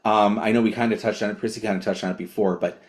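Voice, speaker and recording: Deep-voiced man chatting casually. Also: steady tone, fast talker. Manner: rambling, many restarts and fillers. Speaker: co-host. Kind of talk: casual podcast chat.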